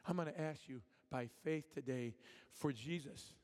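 A man's voice: medium pitch, measured pace, darkish tone. A man preaching a fervent, rousing sermon as a guest speaker, asking the congregation questions. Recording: long reverb of a hall.

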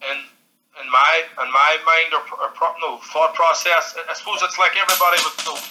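A man's voice: a little high, a little fast, background noise. A man with a Northern Irish Derry accent, a former boxer chatting as a podcast guest, telling stories with frequent laughs. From Northern Ireland (Derry). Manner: lively storyteller, laughs often, acts out quotes. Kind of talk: casual interview chat.

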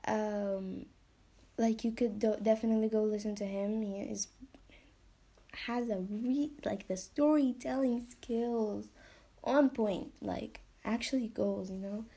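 A woman's voice: mid-range voice, steady tone, slow pace, mellow, husky. A young woman hosting a podcast in a casual, rambling way, full of fillers and swearing, sometimes dropping into a whisper. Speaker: podcast host.

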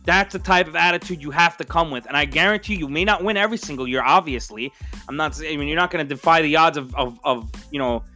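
A man's voice: a little high, quick pace, pushed and bright, soft background music. Fired-up profane New man ranting. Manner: profane, fired-up, emphatic with repeated stammering restarts. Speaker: sports fan commentator. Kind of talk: heated solo rant.

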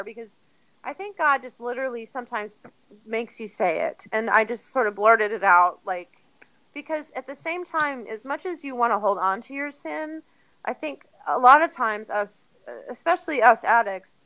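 Brief: woman in her thirties, earnest and chatty guest, bright tone, fairly high voice. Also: no room sound, low-quality recording. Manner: earnest, chatty, animated retellings with laughs. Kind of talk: candid personal storytelling.

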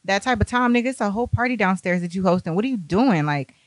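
Speaking quickly in a mid-range voice, she spins an animated, profane, casual tale, jumping around in pitch to perform each person's lines. The close, dry recording has no echo.

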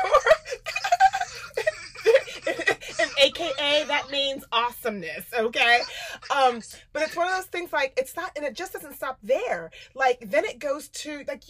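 Lively high-voiced woman podcast host. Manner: enthusiastic, laughs often, exaggerates playfully. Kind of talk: casual podcast chat.

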